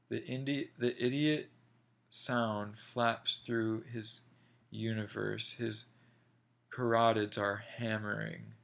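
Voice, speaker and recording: A man reading a short story aloud in a slow, deliberate, measured way. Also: on the low side, little pitch movement, vocal fry, a bit bright. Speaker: reader.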